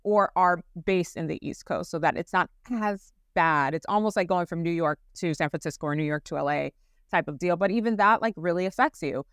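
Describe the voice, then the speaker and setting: A woman co-hosts a sports podcast in casual, animated chat. She laughs often and leans on fillers. Her voice is smooth and a little low, in a dry, close recording. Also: fairly quick, no room sound. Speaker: podcast co-host. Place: traveling abroad.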